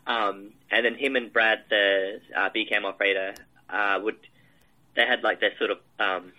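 A man's voice: fairly low pitch, fairly even intonation, moderate pace, bright, forceful tone, low-quality recording. A man, a film director, describing his shoot in a casual interview, rambling with many fillers and restarts.

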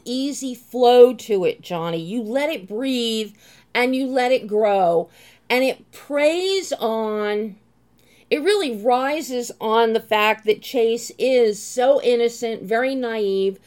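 A woman with a fairly high voice interviews a film director. She speaks at an unhurried, measured pace and frames her questions with warm praise for the work. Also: lively intonation.

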